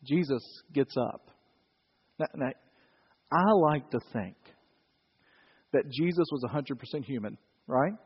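A man's voice: medium pitch, lively intonation, measured pace, pauses often, breathy edge. A man preaching a sermon, joking with the congregation in a conversational way. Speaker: pastor. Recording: dull sound in a reverberant hall.

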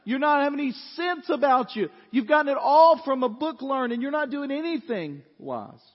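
A man voicing an exasperated Roman governor who shouts mockingly at a prisoner. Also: very high voice, expressive, normal speed, voice pushed up. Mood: scornful. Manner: loud, mocking outburst. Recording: dull recording in a reverberant hall.

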